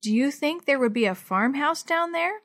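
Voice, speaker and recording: Storybook: eager boy, curious and nervous, high and bright woman reading. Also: moderate pace. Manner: eager, shouting when excited.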